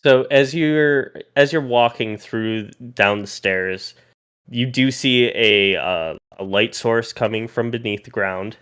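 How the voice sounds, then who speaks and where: A man narrating a tabletop role-playing game as game master, pausing and restarting as he describes each scene. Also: medium pitch, a bit bright, smooth.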